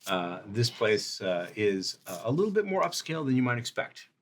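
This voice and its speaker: A man running a tabletop role-playing game as game master, setting scenes in measured descriptive narration. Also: medium pitch, sing-song, slight background noise.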